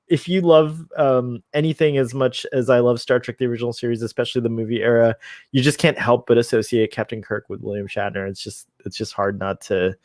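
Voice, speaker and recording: A man's voice: medium pitch, no room sound. Laughing, eager male host, dry sound. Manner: laughs often, eager fan talk. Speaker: show host. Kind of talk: casual live-stream chat.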